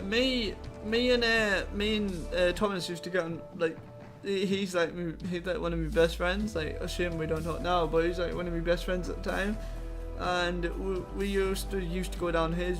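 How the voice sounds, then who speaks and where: A young man telling rambling, profane school stories in a casual vlog. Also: high voice. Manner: rambling, profane, animated when angry. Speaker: vlogger. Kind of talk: casual storytelling.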